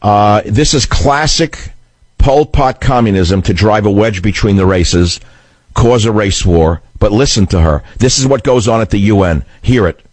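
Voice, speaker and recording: A man's voice: on the low side, unhurried, a little mellow, no room sound. A man hosting a political talk radio show, delivering a combative, sarcastic monologue into a studio microphone. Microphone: studio broadcast mic.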